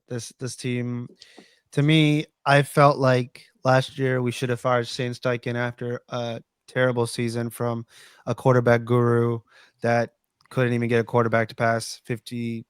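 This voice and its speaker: A man rants through casual sports chat on a podcast, swearing freely and restarting his sentences as he goes. His voice sits at an ordinary pitch. The sound is dry and close, with no room around it. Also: completely flat delivery, unhurried, clean tone, dry recording. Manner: ranting, swears, stumbles and restarts. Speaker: podcast co-host.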